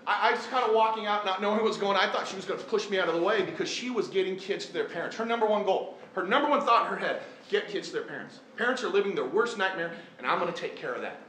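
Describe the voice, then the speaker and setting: A middle-aged teacher and event speaker tells a live audience an earnest story laced with self-deprecating jokes, talking very fast with few pauses. His voice sits a little high, bright and forceful, and the large hall makes it roomy and echoey, with a faint hum of room noise behind.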